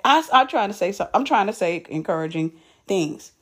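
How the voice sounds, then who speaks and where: A woman speaking in a somewhat high, husky voice as she tells a personal story to her viewers. Her delivery is casual and emphatic, full of restarts and repeated words. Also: lively intonation, normal speed. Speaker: vlogger.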